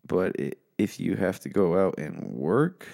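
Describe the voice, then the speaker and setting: A man with an American accent hosting a casual late-night solo podcast from his home office, talking low and quiet in a rough voice, laid-back and rambling, swearing often. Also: animated, measured pace. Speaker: podcast host.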